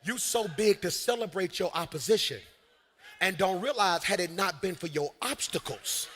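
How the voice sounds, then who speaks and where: A man preaching a lively sermon from a church stage, shouting, laughing and talking to his congregation. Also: high-pitched, normal speed. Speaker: pastor. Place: large church hall on stage. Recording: long hall reverb.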